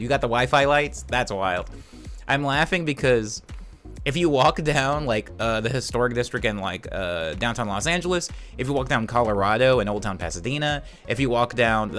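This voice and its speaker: A man runs a relaxed home livestream, reading viewer messages aloud and riffing on them. His talk meanders, full of fillers and easy laughter, with faint music playing behind him. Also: mid-range voice. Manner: laid-back, rambling, laughs easily, many fillers. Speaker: streamer.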